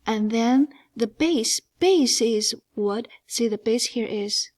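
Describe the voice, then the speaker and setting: A woman's voice: fairly high pitch, slow. A woman math teacher with a non-native English accent, walking through a geometry lesson and stressing key words. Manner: emphatic, stretches key words, lively ups and downs.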